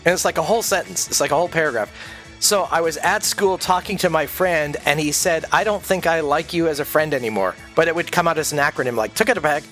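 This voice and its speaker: A man's voice: fairly high pitch, quick pace, fairly bright tone. Sweary rambling man with faint music. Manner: sweary, rambling, laughing often, mocking voices in quotes. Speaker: streamer host. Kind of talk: casual chat.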